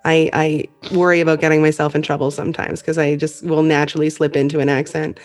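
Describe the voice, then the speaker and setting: Chatty woman host, lower voice. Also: flat delivery, fast. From Canada. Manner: chatty, laughs easily. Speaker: podcast host. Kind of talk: casual chat.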